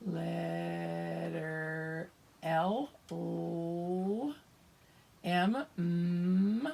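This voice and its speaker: Working with young kids remotely, an older preschool teacher patiently goes through the alphabet, voicing each letter and its sound. She speaks a little slowly in a fairly low-pitched voice.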